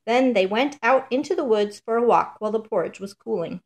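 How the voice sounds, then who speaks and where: A woman reading a children's fairy tale aloud in a measured, rhythmic storybook manner. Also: on the high side.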